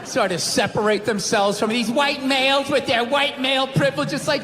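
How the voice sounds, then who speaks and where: A man doing a profane stand-up set on stage, shouting and laughing at his own jokes. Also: extremely high pitch, steady tone, moderate pace, hardly any pauses. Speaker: stand-up comedian. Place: large venue with live crowd. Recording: echoey live hall with crowd noise.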